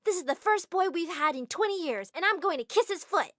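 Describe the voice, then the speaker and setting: A woman voicing a brash, rude young woman in an animated story. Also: very high-pitched, fairly quick, no echo, clean studio sound, voice pushed up. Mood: defiant.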